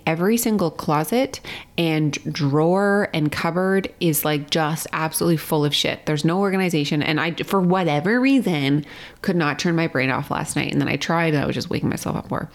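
A woman with a notably low-pitched voice chats casually as a podcast co-host. She is frank and self-deprecating, with casual swearing. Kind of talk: casual chat.

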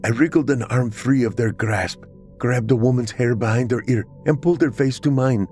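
A man's voice: mid-range voice, moderate pace, faint music behind. Man reading a story with emotion. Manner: expressive, emotional.

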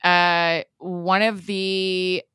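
A woman co-hosting a podcast in casual chat, chatty, with quick asides and frequent laughs. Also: lowish voice, flat delivery, fairly bright tone, clear, resonant tone, dry recording, studio quality. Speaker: podcast co-host.

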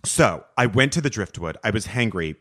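A man telling wry, self-mocking stories in casual podcast chat. His voice sits low but swings widely in pitch as he builds each anecdote. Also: expressive, moderate pace, fairly bright tone, dry recording, studio quality. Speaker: actor, guest.

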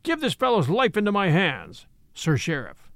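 A man's voice: sits high, wildly swooping pitch, moderate pace, gravelly, fairly bright tone, dry recording, studio quality, heavily acted. A man voicing a cunning outlaw who fakes a harsh voice. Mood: scheming.

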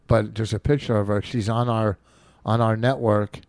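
A man's voice: fairly low pitch, little pitch movement, moderate pace, a little mellow, dry recording. A man hosting a podcast, teasing and goading his co-host crudely. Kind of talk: casual comedic chat.

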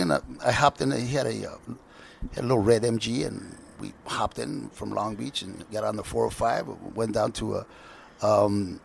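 A man with a heavily gravelly, husky voice spins anecdotes in a relaxed interview. He stumbles and restarts his sentences constantly, padding them with fillers. Now and then he puts on other people's voices to act out the story. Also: medium pitch. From United States. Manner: halting, with frequent restarts and filler words. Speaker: guest.

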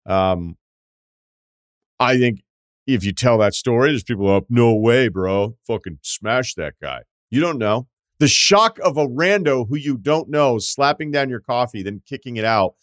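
A man's voice: medium pitch, expressive, normal speed, no room sound, clean studio sound. A man hosting a podcast advice segment, reading listener letters aloud and answering in a candid, joking way with rambling asides. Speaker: podcast host.

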